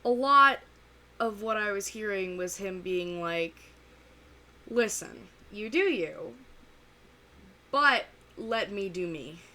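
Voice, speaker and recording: A woman giving casual, rambling reaction commentary full of fillers and pauses. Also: medium pitch, lively intonation, pushed and bright. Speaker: reaction video host.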